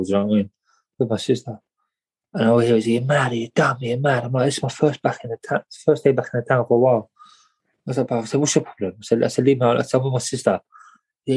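A young man from tells his story as an interview guest. He talks in a loose, slangy way, restarting his sentences and repeating words as he goes. His voice sits at an ordinary, middle pitch. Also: mellow, slightly rough, low-quality recording. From England. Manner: rambling, repeats words, slangy, calls listener mate. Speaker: guest, boxer.

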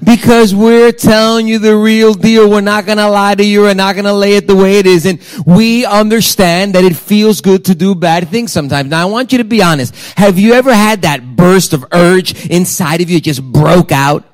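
A man's voice: sits high, steady tone, moderate pace, hardly any pauses. A male pastor preaching a sermon at a church service, talking conversationally with lots of rhetorical questions, urging the congregation along and often restarting his sentences. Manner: restarts and stumbles over words.

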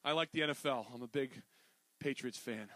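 A middle-aged man preaching a sermon in a casual, animated way, full of jokey asides. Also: mid-range voice, fairly quick, dry recording. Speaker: pastor.

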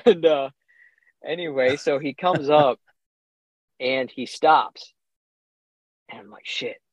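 A young man, a podcast guest, telling a hunting story in a casual, animated way, acting out his own reactions and chuckling often. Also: mid-range voice, unhurried, long pauses, no room sound. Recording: slightly dull, dry sound.

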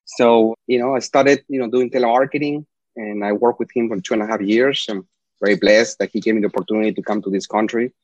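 A man's voice: on the low side, steady tone, fast talker, darkish tone, no echo. A man from Peru with a Spanish accent, a talkative interview guest telling long rambling stories. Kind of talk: casual interview storytelling. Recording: dry, slightly dull lo-fi sound.

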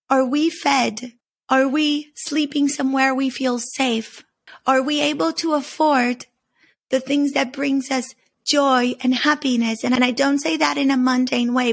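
This earnest woman has a gravelly, husky voice pitched high. As a podcast host teaching about story symbols, she speaks reflectively and slowly, measuring her words and placing deliberate emphasis.

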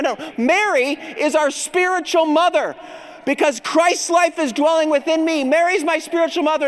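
A man's voice: very high-pitched, a little hiss or hum. A man giving a keynote talk at a large conference, moving from personal storytelling to rousing exhortation. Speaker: keynote speaker. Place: large dome arena before a crowd.

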